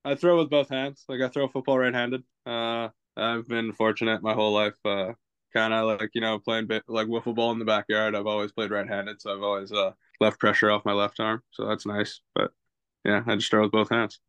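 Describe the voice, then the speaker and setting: A man's voice: lowish voice, level tone, fairly quick, fairly bright tone, smooth, no room sound, highs cut off. Laid-back young man, dry sound. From US West Coast. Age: young adult. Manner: laid-back, laughs often, hesitant fillers. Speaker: college baseball pitcher, guest. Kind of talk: casual interview.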